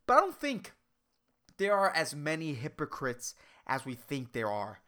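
In an unhurried, low voice, a woman rants by herself on her podcast. She's profane and rambling, excitable as if over-caffeinated, and often breaks off mid-thought.

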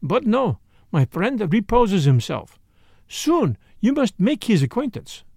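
A man's voice: high voice, wildly swooping pitch, takes it slowly, vocal fry, dark tone, dry recording, clean studio sound, exaggerated voice. A man doing a sly, courteous foreign detective. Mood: bland. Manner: formal, bland, foreign-phrased.

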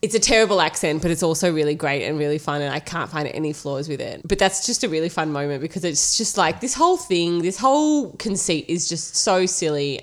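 Chatty woman reviewing a film, low voice. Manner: chatty, laughs often, many fillers and restarts. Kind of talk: casual review chat.

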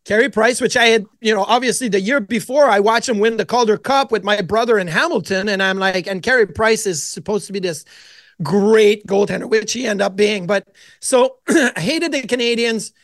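A middle-aged man, a podcast guest, telling stories in an animated way and acting out his own quotes. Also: high-pitched, normal speed, no room sound. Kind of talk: casual storytelling interview.

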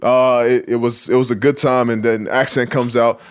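A man's voice: mid-range voice, flat delivery, normal speed, smooth. A man in his twenties from Nigeria, a basketball player speaking candidly and reflectively in a casual interview, with casual swearing. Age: 20s.

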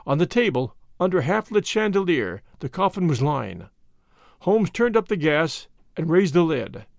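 Expressive male storybook narrator. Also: on the high side, no room sound, clean studio sound. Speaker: audiobook narrator. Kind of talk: scripted narration.

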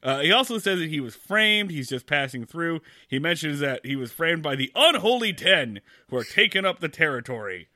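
A man's voice: fairly high pitch, very animated, normal speed, few pauses, pushed and bright, no echo, clean studio sound. A man co-hosting a podcast in casual chat, recapping episode plots with wry, profane asides. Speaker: podcast co-host.

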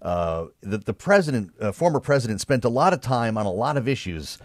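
A man's voice: mid-range voice, big pitch swings, fairly quick, dry recording. A male host leading a political discussion with a conversational, quipping manner.

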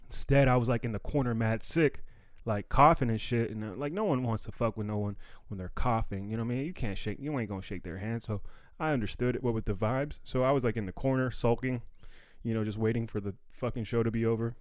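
Talking fast at a medium pitch with no room sound, a young comedian and podcast host recovering from bronchitis speaks loosely on his solo show. His speech is slangy street talk loaded with fillers and repeated "you know what I mean."

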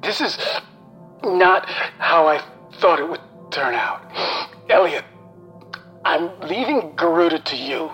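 A man's voice: fairly high pitch, expressive, slow pace, long pauses, fairly bright tone, faint music behind. A male narrator voicing a doomed spaceship crewman who talks in clipped, urgent bursts. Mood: resigned.

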